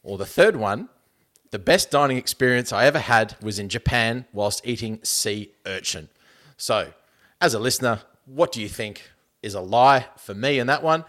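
An Australian man co-hosting a sports podcast, chatting casually and setting up games with a light, jokey touch. His voice is bright and forward, at an ordinary pitch. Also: moderate pace. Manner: relaxed, jokey, presenting segments. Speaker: podcast co-host.

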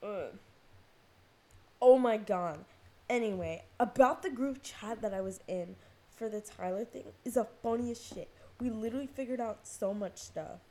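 A woman's voice: mid-range voice, moderate pace, darkish tone. Rambling young woman podcast host. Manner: rambling, self-mocking, heavy use of "like", frequent swearing; jumps between topics, loses her thread. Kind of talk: casual solo chat. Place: at home, on her phone.

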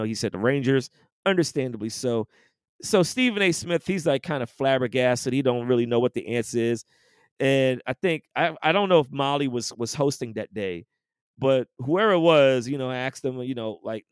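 A man's voice: medium pitch, smooth, dry recording, clean studio sound. A man co-hosting a podcast, ranting in casual, profane sports chat. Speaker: podcast co-host.

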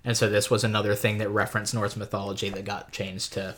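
A man's voice: on the low side, level tone, quick pace, a bit bright. A man co-hosting a casual book podcast, rambling through enthusiastic tangents with restarts. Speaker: podcast co-host.

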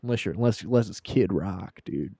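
Dark-voiced man in crude podcast banter. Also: low-pitched, animated, fairly quick, vocal fry, husky, dry recording. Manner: crude, laughing banter with lots of swearing. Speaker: podcast co-host. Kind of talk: casual profane chat.

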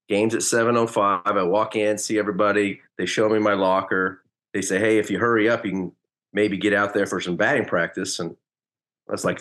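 Relaxed middle-aged man telling stories. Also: fairly low pitch. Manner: relaxed, anecdotal, acts out quotes. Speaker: guest, former pro baseball player. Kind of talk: casual interview storytelling.

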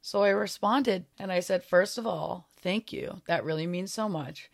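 Low-voiced earnest woman podcaster. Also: normal speed, vocal fry. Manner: earnest and heartfelt, a little emotional at times. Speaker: podcast host. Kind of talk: reflective solo podcast talk.

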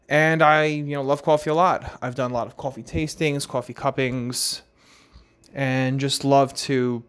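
A young man with a strong Long Island New York accent talks through a casual solo podcast. His delivery is loose and conversational, with lots of filler words and tag questions. His pitch sits in an ordinary middle range for a man. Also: clear, resonant tone. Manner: relaxed and chatty, with many "uh", "you know" and "right?". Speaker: podcast host.

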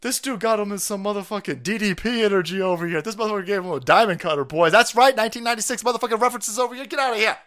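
A man hosting a livestream, giving loud, crude, cackling commentary on video clips. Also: high voice, racing, few pauses. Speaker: livestream host.

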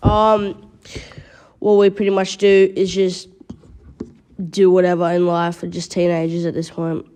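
A man's voice: high voice, completely flat delivery, unhurried, long pauses, darkish tone, clear, resonant tone. A fifteen-year-old Australian boy co-hosting a casual podcast, telling stories animatedly and swearing freely. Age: teens. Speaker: podcast co-host. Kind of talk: casual chat.

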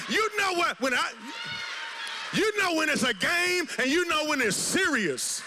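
A male pastor preaching a sermon with passion, swinging between shouted lines and hushed low tones, and repeating phrases in rhythm. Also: animated, normal speed, noisy background.

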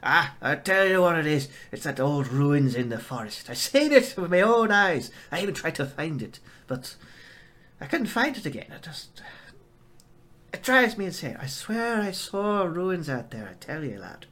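A man voicing a boastful old male farmer with a Scottish accent, loud and blustering. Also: a little high, sing-song, moderate pace, voice pushed up. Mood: insistent.

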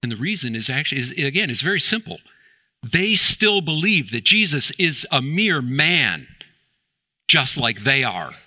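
A man preaching in a church with a very bright, forceful voice. He presses his points with rhetorical questions and rises to emphatic exclamations. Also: mid-range voice, very animated, normal speed. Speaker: pastor. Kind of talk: sermon.

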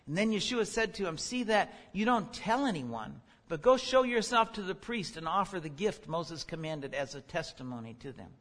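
High-voiced man teaching scripture in a reverberant space. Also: expressive, normal speed, few pauses, fairly bright tone. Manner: earnest teaching, rises sharply when crying out quotes. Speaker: Bible teacher. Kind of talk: Bible study lesson.

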